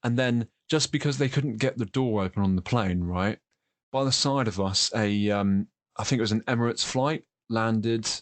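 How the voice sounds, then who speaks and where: A low-pitched man with an English accent spins long, rambling stories in a casual chat and laughs often along the way. The sound is close and dry, with no room around the voice. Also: moderate pace, no room sound. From England. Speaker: podcast host.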